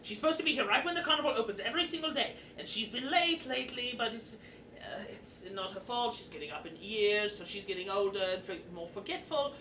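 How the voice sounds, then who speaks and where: A man's voice: high voice, fast, bright, forceful tone, reverberant, distant mic, slight background noise, pitched above the performer's own voice. A man voicing an overworked, grumpy male goblin ticket-taker who rants and swears. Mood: exasperated. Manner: exasperated, swearing.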